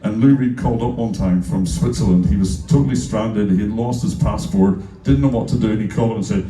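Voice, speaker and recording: A man from Ireland, a musician, telling animated anecdotes on stage and acting out the voices of the people in them. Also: on the low side, fairly quick, slight background noise. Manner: animated, acts out voices in quotes, laughs often. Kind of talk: casual onstage storytelling. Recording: echoey club from a distance.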